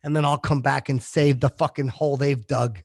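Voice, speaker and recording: A man's voice: mid-range voice, steady tone, normal speed, darkish tone, no echo, studio quality, close to an everyday voice. An actor playing a crude, boastful male comedian who hosts a podcast, talking with swagger and heavy swearing. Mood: smug. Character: crude boastful middle-aged male comedian, vain and petty. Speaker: podcast host. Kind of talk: improvised character comedy.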